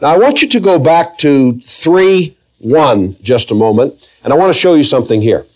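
Male preacher, slightly high voice, emphatic Bible teaching, drawn-out scripture readings. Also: sing-song. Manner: emphatic, slows to read scripture aloud; asks the congregation questions. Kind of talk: verse-by-verse Bible teaching sermon.

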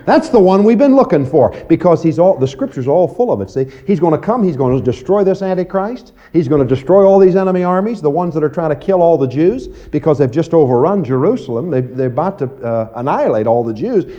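A man preaching in a folksy, conversational manner with a lively, swooping pitch. His tone is warm and somewhat higher than most men's, and he keeps checking in with "you see" and "okay." The recording sounds muffled and lo-fi. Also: quick pace, hardly any pauses. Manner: animated, acts out quoted voices with big pitch jumps. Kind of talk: evening Bible teaching.

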